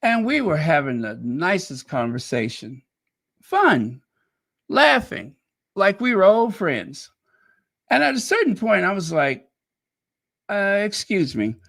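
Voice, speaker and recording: Animated, rambling male storyteller from Chicago. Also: sits high, slow, vocal fry, long pauses. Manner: rambling, animated, laughs at his own story. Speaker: channel host. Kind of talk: casual storytelling monologue.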